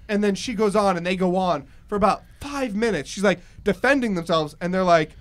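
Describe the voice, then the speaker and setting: A man hosting a casual podcast chat, an excitable storyteller who laughs often. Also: sits high, a little fast, hardly any pauses. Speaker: host.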